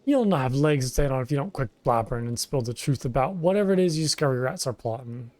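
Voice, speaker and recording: A man reading as an impatient military commander who scolds in a rough old-sailor dialect. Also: medium pitch, expressive, fast talker, a little mellow, no echo, natural voice.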